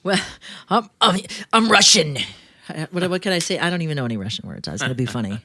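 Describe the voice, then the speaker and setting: A woman hosting a money talk show, chatting casually and joking with quick asides. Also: deep voice, expressive, a bit bright, no room sound. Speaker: show host. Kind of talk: casual radio-show chat.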